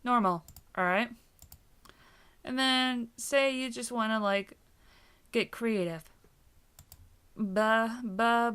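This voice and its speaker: Slow, smooth-voiced young woman tutorial host. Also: medium pitch, a bit bright. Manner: rambling, filler-heavy explanation. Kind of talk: casual software tutorial.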